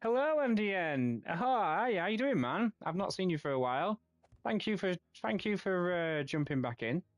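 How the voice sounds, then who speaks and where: A man with a Yorkshire accent chatting casually with viewers while streaming a game, friendly and quick to laugh, stumbling over names. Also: high-pitched, sing-song, no room sound, dull audio.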